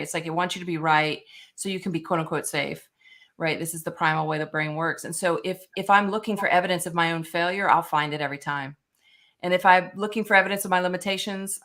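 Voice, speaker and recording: Emphatic low-voiced woman coach. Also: a bit bright. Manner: emphatic, confident. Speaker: guest, coach. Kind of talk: motivational talk.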